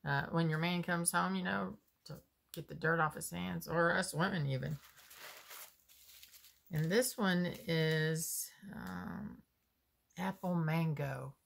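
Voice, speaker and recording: Slow gravelly woman chatting over soap. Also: sits low, a bit bright. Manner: slow, chatty, musing aloud. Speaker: vlogger unboxing soap. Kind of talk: casual unboxing chat.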